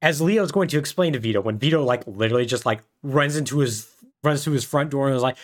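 A man co-hosting a podcast, casually retelling a plot and briefly acting out the characters' lines. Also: mid-range voice. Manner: animated retelling, acts out characters' lines in quick voices. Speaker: podcast co-host.

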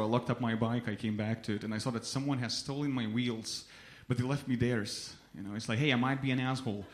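A young man from Lithuania with a Lithuanian accent, performing a stand-up comedy set in a deadpan storytelling manner on a club stage. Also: medium pitch, reverberant. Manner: deadpan storytelling, acts out quoted people.

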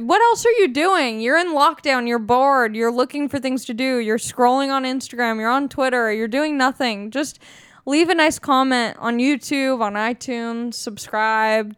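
A woman's voice: on the high side, clean tone, no echo, studio quality. A woman in her twenties hosting a podcast, rambling in a casual, self-mocking, jokey way. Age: 20s. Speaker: podcast host.

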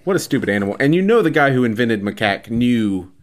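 A man's voice: medium pitch, big pitch swings, quick pace. A man hosting a podcast in casual chat, rambling, tripping over his words and laughing often. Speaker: podcast host.

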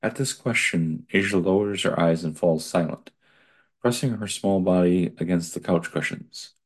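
A man's voice: low voice, normal speed. A man reading an article aloud and breaking off to add his own digressive comments.

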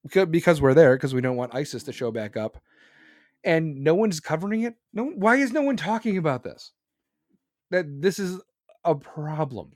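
A man's voice: fairly high pitch, no room sound, studio quality. A male podcast host ranting about politics in a blunt, profane, heated way. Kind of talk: opinionated political rant.

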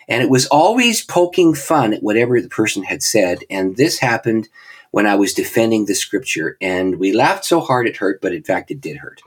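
A man's voice: on the low side, breathy edge. An older male pastor telling a personal story, acting out the dialogue and laughing at his own lines. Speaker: pastor and guest speaker.

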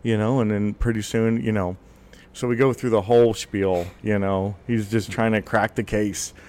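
A man in his thirties telling a long personal story on a podcast in a rambling, animated way. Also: fairly low pitch, normal speed. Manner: rambling, animated storyteller who voices quoted people. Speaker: podcast guest. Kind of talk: casual storytelling.

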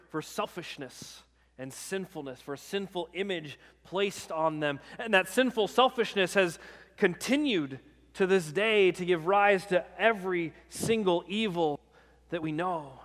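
A man's voice: fairly high pitch, a bit bright, big-room sound. A man, a pastor, preaching a sermon in a conversational way, often checking in with the congregation.

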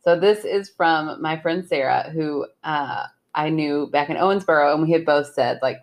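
A woman co-hosting a podcast, chatting casually and telling a listener's story with lively, laughing delivery. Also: moderate pace. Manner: animated storytelling, laughs often, jumps high when acting out quotes. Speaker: podcast co-host.

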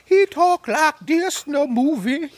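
A man putting on a high, drawling old showbiz manager. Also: lively intonation, no room sound. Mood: bossy. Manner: high, loud, drawn-out bossy drawl. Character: older male showbiz manager with an odd drawl.

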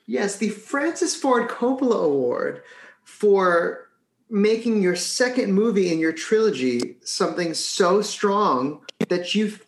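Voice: mid-range voice, expressive, slow pace. A podcast co-host in casual chat, gushing with enthusiasm and repeating words. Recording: echoey room.

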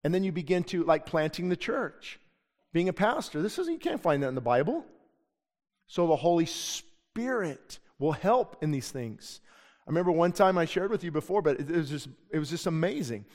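A man's voice: on the high side, sing-song, moderate pace, darkish tone. A middle-aged man preaching a sermon as pastor in a church, earnest and conversational, telling stories from his own life. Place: church sanctuary. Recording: long church hall reverb.

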